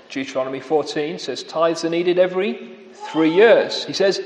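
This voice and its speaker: A man preaches a sermon in an echoey hall, expressive and at normal speed. He's sarcastic, mocking the lines he quotes by raising his pitch.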